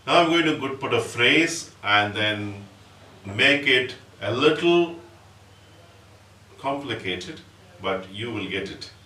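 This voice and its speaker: A man with an Indian English accent teaching percussion, explaining step by step and reciting drum syllables slowly. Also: mid-range voice, sharp tone. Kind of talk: music lesson with spoken rhythm syllables. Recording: roomy, distant mic, audible background noise.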